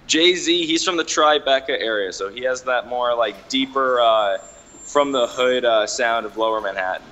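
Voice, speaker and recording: A man from New York answering interview questions casually, with hesitant speech and many filler pauses. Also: medium pitch, sharp tone, in a large hall, poor audio. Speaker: interview guest.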